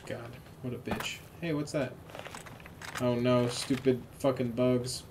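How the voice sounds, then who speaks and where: A tired man streaming a video game, chatting casually, swearing freely and reacting loudly to the action. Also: medium pitch, level tone, slow. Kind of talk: casual live gameplay commentary. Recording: noticeable background noise.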